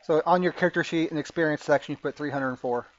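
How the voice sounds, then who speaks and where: A man's voice: on the high side, quick pace, no room sound. A man running a tabletop game as game master, narrating with many fillers and restarts. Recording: dull lo-fi sound.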